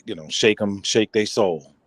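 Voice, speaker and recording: A man's voice: lowish voice, moderate pace, no echo. A man joining a casual audio chat, mostly agreeing with short interjections.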